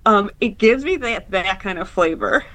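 A woman's voice: mid-range voice, expressive, normal speed, fairly bright tone. Chatty woman from Chicago. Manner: chatty, casual with likes. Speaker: public defender.

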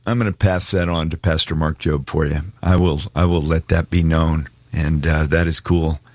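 A man with a very low, deep voice hosts a Christian call-in radio program. He greets callers and responds to them in an affirming, unhurried way. The studio sound is close and dry. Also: fairly even intonation, no echo. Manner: warm-hearted, affirming, unhurried. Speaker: radio show host. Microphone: studio microphone.

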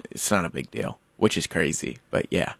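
A young man speaking as a guest on a talk show, hesitant and pausing with fillers while he recalls. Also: low voice, lively intonation, creaky, dry recording. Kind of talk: casual talk show chat.

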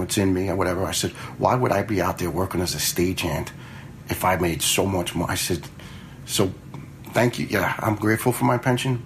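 Retired fire lieutenant in his fifties, low-pitched, blunt storyteller, faint music behind. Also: low-quality recording. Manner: blunt and conversational, with swearing. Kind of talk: casual storytelling.

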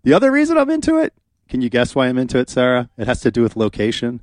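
A man's voice: mid-range voice, wildly swooping pitch, quick pace, a little mellow, no room sound. A man hosting a radio talk show, chatting casually and rambling with many fillers from a studio.

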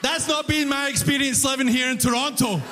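A man performing a stand-up comedy set, telling stories with animated delivery and shouted punchlines on a comedy club stage. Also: very high-pitched, fairly quick, noisy background. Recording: reverberant live room, faint ambience.

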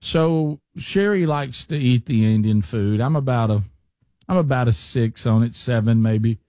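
In clean studio sound with no echo, a man with a mid-range, dark-toned voice speaks unhurriedly. He hosts a talk radio show full of casual banter, telling stories in a rambling, self-deprecating way with many restarts.

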